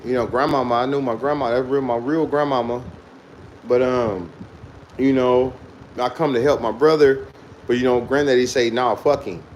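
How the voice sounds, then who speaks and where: A man at a middle pitch tells a rambling childhood story in loose, profane casual talk. He laughs often along the way. A faint hum of noise sits behind his voice. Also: steady tone, moderate pace, a little mellow, low-quality recording. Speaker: vlogger telling a childhood story.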